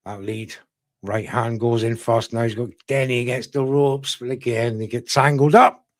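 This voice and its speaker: On a UK-based watchalong stream, a man provides live boxing commentary in a medium-pitched, steady voice at normal speed, with no echo. He chats casually and conversationally, answering viewers' messages and addressing them directly by their chat names.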